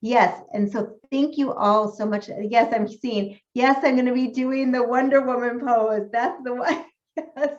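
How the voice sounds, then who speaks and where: A health coach trainer with a fairly high, steady, slightly mellow voice teaches a live webinar at an unhurried pace. She is upbeat and encouraging, asking her audience questions over a video call, and the sound is dull and lo-fi with room echo.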